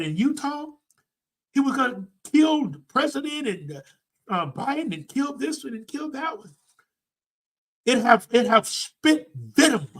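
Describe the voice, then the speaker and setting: A man preaching to a congregation, emphatic, swinging his pitch for emphasis and repeating key phrases. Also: a bit bright. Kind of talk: sermon-style commentary.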